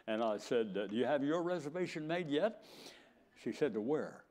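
Older man preaching with lively pitch. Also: normal speed. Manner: folksy anecdotes with acted-out dialogue. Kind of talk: sermon storytelling.

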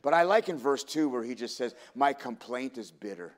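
A man's voice: medium pitch, lively intonation, normal speed. A man preaching a sermon in an earnest, heartfelt way. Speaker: pastor.

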